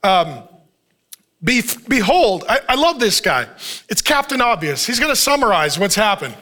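A man's voice: high-pitched, very animated, moderate pace, pushed and bright. A male pastor preaching a sermon, telling the story with jokes and frequent laughter.

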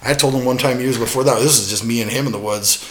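Guy ranting about his old boss on a podcast, swears every other word, gets loud in the stories. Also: medium pitch, fast, noisy background. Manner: heavy swearing, animated storytelling. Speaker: podcast guest. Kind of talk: casual podcast chat.

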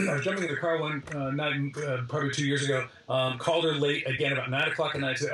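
A middle-aged man, a design lecturer as interview guest, telling stories in a lively way with frequent restarts and list-like summaries. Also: mid-range voice, fast, hardly any pauses. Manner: lively, restarts phrases, summarizes points in lists. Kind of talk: animated interview storytelling. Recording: roomy, from a distance.

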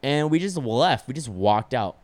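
A man's voice: mid-range voice, expressive, moderate pace, no echo. A young man telling a long story in casual chat, rambling with lots of filler words and swearing freely. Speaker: podcast storyteller.

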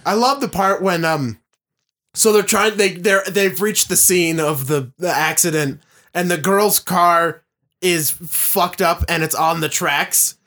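A man's voice: high-pitched, measured pace. A young man co-hosting a casual comedy podcast, swearing freely and acting out movie scenes as he talks. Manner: animated, swears, acts out scenes. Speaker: podcast co-host.

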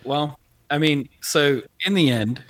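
A man's voice: a little high, slow pace, a bit bright, no room sound. A man co-hosting a podcast, dropping wry, teasing comments into a friend's story. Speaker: podcast co-host. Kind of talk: casual chat.

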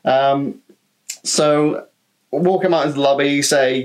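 A man in casual storytelling chat, middle-pitched and easygoing. He swears freely and slips into other people's voices to act out what they said. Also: unhurried. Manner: chatty, swearing, acts out quotes. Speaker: podcast co-host, former holiday rep.

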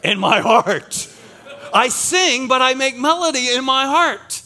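A man's voice: extremely high pitch, animated, slow, pushed and bright. A middle-aged man from Pennsylvania preaching a sermon in a church, chatty and self-deprecating, joking with the congregation. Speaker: pastor. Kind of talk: sermon with humorous asides. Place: church sanctuary.

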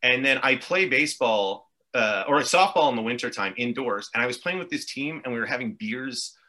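Bright-voiced rambling Montreal guy. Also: mid-range voice, expressive, moderate pace. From Montreal, Canada. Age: adult with three children. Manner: rambling, tangential storytelling with frequent swearing. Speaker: podcast guest, actor. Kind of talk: casual chat.

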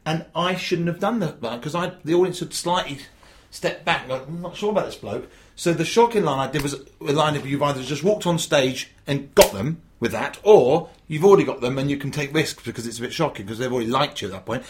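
A man's voice: fairly high pitch, fairly quick, a little hiss or hum. A man, a stand-up comedian, talking through his craft in an interview over a video call, emphatic and storytelling, acting out quotes. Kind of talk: animated interview chat. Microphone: video call mic.

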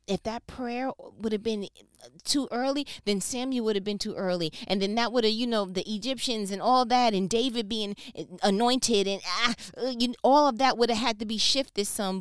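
A woman preaching a sermon in an animated, conversational way, jumping between quiet asides and loud exclamations. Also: medium pitch, smooth, no echo, clean studio sound.

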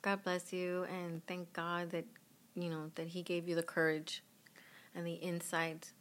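A middle-aged woman being interviewed, telling a personal story in an animated way and acting out what people said. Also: lowish voice, measured pace. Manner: animated, acts out quoted voices. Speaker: guest, mother of a patient.

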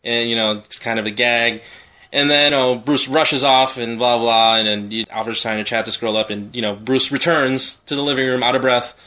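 Bright-voiced man spinning a rambling bit. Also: mid-range voice, steady tone, normal speed. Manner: rambling storyteller, acts out quotes. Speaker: podcast host. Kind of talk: casual comedic chat.

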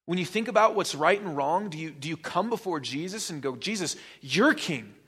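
A male pastor with a fairly high voice, preaching a sermon. He presses his listeners with probing rhetorical questions and drives his points home through emphatic repetition. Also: animated, fairly quick, a bit bright, breathy edge.

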